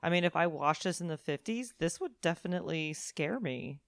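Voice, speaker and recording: A woman's voice: lowish voice, expressive, brisk, creaky, no echo, studio quality. A woman co-hosting a casual film podcast, easygoing, with stammering starts. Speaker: podcast co-host.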